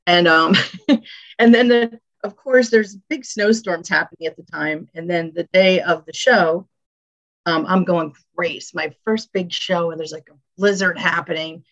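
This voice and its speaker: A woman music executive, a guest on an interview show, telling animated stories and acting out what people said. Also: fairly low pitch, measured pace. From northeastern United States. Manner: animated storyteller, acts out quotes. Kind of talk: casual interview chat. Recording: dull lo-fi audio.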